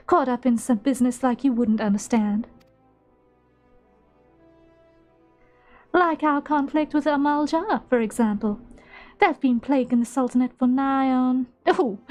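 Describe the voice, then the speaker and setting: A woman's voice: sits high, darkish tone, voice pushed up, natural voice. A woman voicing a shrewd middle-aged female guild innkeeper in a slight put-on southern drawl, reading game dialogue aloud in character.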